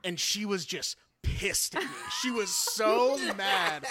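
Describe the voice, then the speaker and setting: A man co-hosting a music podcast, telling stories quickly in casual chat. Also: high voice, animated, pushed and bright, no room sound. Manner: quick, chatty storytelling. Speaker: podcast co-host.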